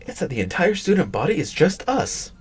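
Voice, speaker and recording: A man's voice: fairly high pitch, big pitch swings, fairly quick, breathy edge, pitched above the performer's own voice, exaggerated voice. A man reading aloud in a raised, drawling voice as a lazy, sly schoolgirl who leads the club. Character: lazy, scheming older schoolgirl, president.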